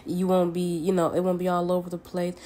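A woman's voice: lowish voice, completely flat delivery, a little fast, warm tone, a little hiss or hum. A woman from the Southern United States with a Southern accent, chatting casually as a home cook through a cooking tutorial in her kitchen, folksy and friendly with viewers. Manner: folksy and chatty, calls viewers honey and baby.

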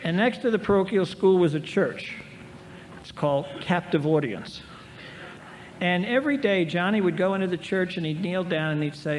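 Recorded on echoey 1990s tape with faint hiss in a large convention hall, a man in his sixties gives a storytelling talk at a recovery meeting. He pokes wry fun at himself in a high-pitched voice with lively intonation at a moderate pace.

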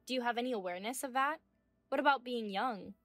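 A woman in her thirties with a high voice reads a scripted audio drama as the wronged wife, firm and indignant. The sound is dry and close, with faint music underneath. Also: fast talker, a bit bright, no room sound. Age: 30s.

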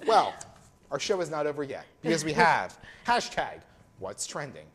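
A young man hosts a student-run newscast, his fairly high voice rising and falling with lots of movement. He reads the scripted copy and then slips into loose, chatty, self-deprecating banter with his co-anchor. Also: sing-song, normal speed, a bit bright, husky. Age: young adult. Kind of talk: scripted news reading and casual banter.

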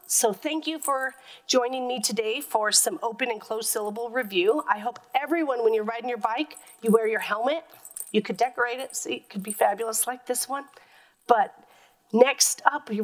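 A woman's voice: a little high, low-quality recording. A woman teacher giving a phonics lesson to young children, patiently sounding words out letter by letter.

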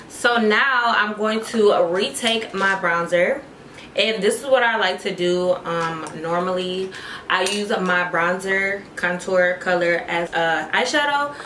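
A woman's voice: mid-range voice, slow. A young woman vlogger casually talking viewers through her makeup routine, calling them y'all and girl. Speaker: beauty vlogger. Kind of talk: casual makeup tutorial chat. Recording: echoey room, faint noise.

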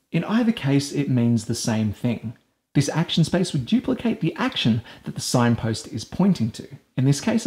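A man's voice: mid-range voice, mellow. A man hosting his own board game channel, walking through the rules and then giving his verdict. He sounds enthusiastic and chatty, talking directly to the viewers in a mid-range voice. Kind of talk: gameplay explanation and review.

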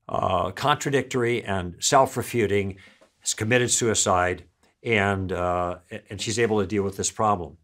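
A middle-aged man giving a recorded church teaching, telling stories and acting out both sides of a conversation. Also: mid-range voice. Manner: animated storytelling, acting out dialogue.

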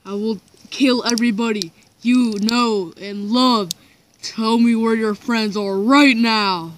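A woman's voice: fairly high pitch, steady tone, takes it slowly, a little hiss or hum. A woman playing a gloating evil grandpa villain. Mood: threatening. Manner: gloating, threatening, cackling. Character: boastful evil old grandpa, bullying villain. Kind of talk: improvised game role-play.

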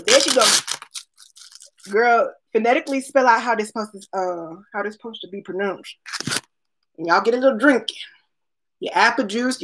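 Over some background noise, a woman with a slightly high voice chats casually on a live stream. This unboxing vlogger opens products, calls out to viewers by name, and laughs often.

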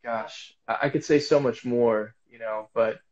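A man's voice: medium pitch, fairly even intonation, unhurried, a little mellow, highs cut off. A man speaking as a guest, telling a casual faith testimony in a rambling way with many fillers and restarts.

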